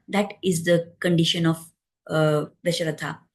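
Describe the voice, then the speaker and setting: A woman narrating a devotional story in a calm, explanatory way, adding moral lessons. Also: medium pitch, moderate pace.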